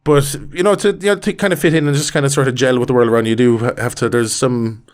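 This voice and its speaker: A man's voice: mid-range voice, steady tone, fast. A man co-hosting a podcast, rambling and restarting his sentences in casual chat. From Ireland. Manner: rambling, hesitant, many restarts. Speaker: podcast co-host.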